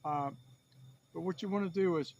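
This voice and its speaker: A man's voice: high-pitched, moderate pace, creaky, muffled recording, slight background noise. A man from Delaware hosting an outdoor cooking vlog, who keeps slipping between a put-on Southern drawl and his plain voice, rambling and joking at his own expense. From Delaware, USA. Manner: joking, rambling, self-mocking. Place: outdoors in a forest.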